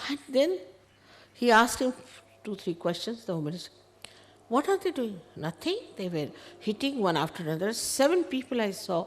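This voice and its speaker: An older woman tells a story to her followers, quoting each person in turn, with soft laughs. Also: on the low side. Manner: animated anecdote, quoting others in dialogue, soft laughs. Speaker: spiritual teacher.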